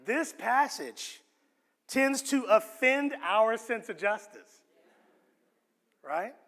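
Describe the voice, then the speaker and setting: Bright-voiced male preacher in reverberant hall. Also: very high-pitched, very slow. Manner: earnest and expressive, often restarts words. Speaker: pastor. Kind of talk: sermon.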